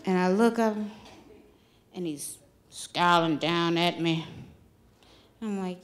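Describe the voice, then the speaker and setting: A woman with a lowish voice tells a funny true story on stage at a live storytelling night, speaking slowly with long pauses. She's animated, laughing through her lines and swearing freely in front of the audience.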